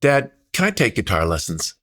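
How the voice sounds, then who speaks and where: A man's voice: lowish voice, sing-song, normal speed, a bit bright, voice pushed up. A man voicing his eager teenage son, a shy boy who turns chatty and upbeat with questions. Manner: upbeat, questioning, casual teen talk.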